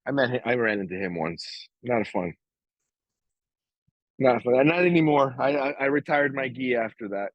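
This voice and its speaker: Animated, cursing middle-aged man telling stories. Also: mid-range voice, a little fast, hardly any pauses, dry recording, dull audio. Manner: animated storytelling, swearing, acting out quotes. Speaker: podcast co-host. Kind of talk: casual chat.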